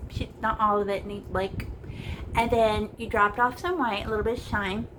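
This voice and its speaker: A woman's voice: medium pitch, fairly even intonation, normal speed, distant mic, background noise. A woman teaching a painting lesson in a chatty, playful way, talking through every brushstroke. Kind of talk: casual painting tutorial.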